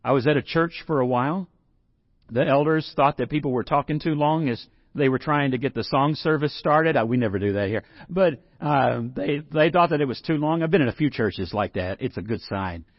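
A male pastor delivers a sermon in an easy conversational tone. When he reads scripture he turns emphatic. His voice sits in an ordinary middle pitch, and the recording is dry and slightly dull. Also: expressive, a little fast, no echo. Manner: conversational preaching, rising to emphatic scripture reading.

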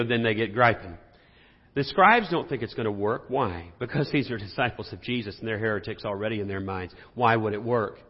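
A man preaching a sermon and explaining scripture, talking in a lively way and asking the congregation rhetorical questions. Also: on the high side. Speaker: pastor. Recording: dull sound in a reverberant hall.

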